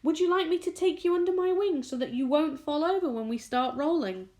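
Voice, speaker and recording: A woman doing a kind gentle ladybird. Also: high-pitched, animated, brisk, voice pushed up. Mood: explaining. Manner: gentle, reassuring.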